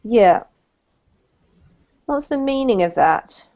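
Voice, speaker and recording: A woman English teacher giving an online lesson, encouraging and modeling words slowly over a video call. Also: fairly high pitch, expressive, darkish tone. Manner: encouraging, clarifies pronunciation with slow modeled words. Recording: dull lo-fi call audio.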